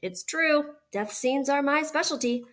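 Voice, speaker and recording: A dramatic female opossum who loves to perform, all gushing and theatrical flair, as a woman reading a storybook puts her on. Her voice sits somewhat high. She talks like every line is a stage moment. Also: unhurried, a bit bright. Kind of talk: read-aloud storybook.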